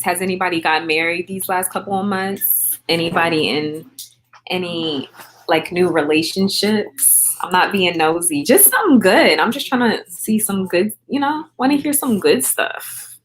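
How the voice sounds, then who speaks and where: Low-voiced woman chatting on a livestream. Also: normal speed, slight background noise. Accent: American. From grew up in England on a US military base. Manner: chatty, greets viewers by name and answers chat comments. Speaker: livestream host. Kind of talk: casual livestream chat.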